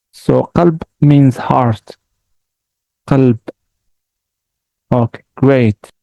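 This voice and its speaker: A man's voice: mid-range voice, gravelly, warm tone. A man from Morocco, teaching a language lesson patiently and repeating words for the listener to echo.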